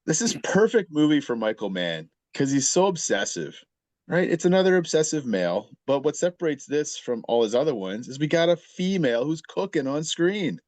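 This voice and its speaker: A man's voice: on the high side, big pitch swings, normal speed, a little mellow, dry recording. A man giving emphatic, opinionated takes on movies in a casual podcast chat. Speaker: podcast guest critic.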